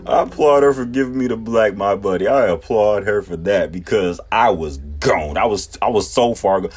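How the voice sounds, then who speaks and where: A man in his thirties with a very low voice tells childhood stories on his podcast in a loose, casual way. He laughs often and jumps into high voices when quoting people. Faint music plays underneath. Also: moderate pace, few pauses. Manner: laughs often, animated storytelling, acts out quotes in high voices. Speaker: podcast host. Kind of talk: casual storytelling.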